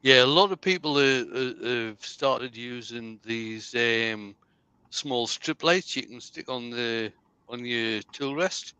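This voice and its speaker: A man co-hosting a livestream, lively and teasing as he reads out viewer comments. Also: mid-range voice, takes it slowly, smooth, dry recording, muffled recording. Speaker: livestream co-host reading viewer chat. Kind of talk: casual livestream chat. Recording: faint background noise.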